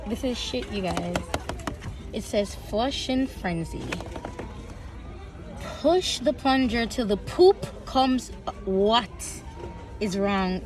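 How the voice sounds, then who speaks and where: A woman's voice: fairly high pitch, takes it slowly, pauses often, over loud music. A young woman from Jamaica with a Jamaican accent, chatting casually in a travel vlog and slipping into patois when she tells stories. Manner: chatty, animated storytelling with patois quotes. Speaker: vlogger. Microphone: phone.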